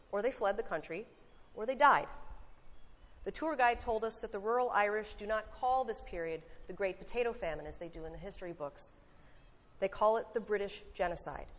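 A woman delivers a sermon in a conversational, earnest manner with wry asides. Her mid-range voice carries a long reverb tail, as in a church hall. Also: mid-range voice. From United States. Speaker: lay preacher. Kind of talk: sermon with storytelling.

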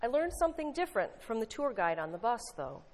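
A woman's voice: on the high side, very animated, quick pace. Woman preaching in an echoing hall. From United States. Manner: conversational, earnest, wry asides. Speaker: lay preacher. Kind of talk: sermon with storytelling. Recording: long hall reverb.

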